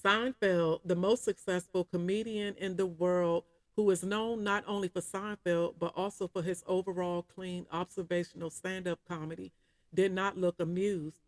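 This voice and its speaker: This video commentator has a lowish voice, a steady tone, and a moderate pace, captured in a dry recording. Reading a news article aloud on camera, she regularly pauses to talk to her audience, whom she calls y'all, in relaxed reaction commentary.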